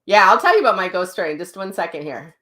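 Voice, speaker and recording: A woman with an average-pitched voice hosts a live online class as a psychic medium. She is chatty and animated, tells stories with frequent laughter and answers viewers' comments. She speaks at home into a livestream mic. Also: rapid-fire. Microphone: livestream mic, sound sometimes cutting out.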